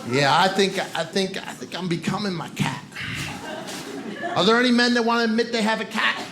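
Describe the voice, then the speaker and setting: A man's voice: high voice, steady tone, a little fast. A man in his forties performing a stand-up set in a comedy club, with punchy banter and riffs aimed at the crowd. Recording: roomy live club with loud crowd noise.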